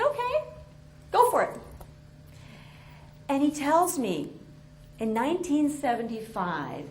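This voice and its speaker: A woman tells a story to an audience in an animated, expressive, self-mocking way. Her voice sits a little high, and faint ambient noise sits behind her. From New York. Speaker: motivational speaker.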